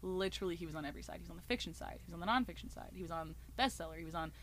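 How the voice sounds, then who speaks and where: A woman co-hosting a podcast, telling a story from her old job in a casual, animated way, with lots of "like" and laughter. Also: lowish voice, racing, slight background noise. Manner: animated, laughing, swearing, filler-heavy. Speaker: podcast co-host.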